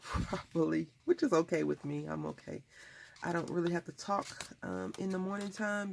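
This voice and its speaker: Here a creaky, lowish female voice belongs to a craft video host from the US, rambling through stories in casual chat as she works. A bit of hiss or hum sits under the audio.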